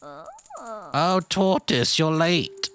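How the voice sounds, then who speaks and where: A man's voice: high voice, wildly swooping pitch, extremely slow, fairly bright tone, slight background noise, voice pushed up, exaggerated voice. A man reading the lines of a sleepy old grandmother from a video game, in a slightly raised voice. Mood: drowsy.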